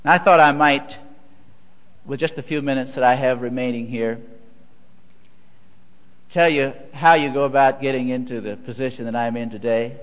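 A man's voice: medium pitch, fairly even intonation, moderate pace, pauses often. Folksy older man. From Missouri. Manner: folksy, self-deprecating storyteller with chuckles. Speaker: church leader. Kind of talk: humorous anecdotal sermon. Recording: dull, echoey hall recording.

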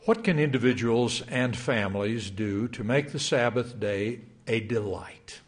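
An older man preaching a sermon. His pitch rises and falls freely as he reads scripture and quotes in a measured, emphatic cadence. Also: expressive. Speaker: church speaker.

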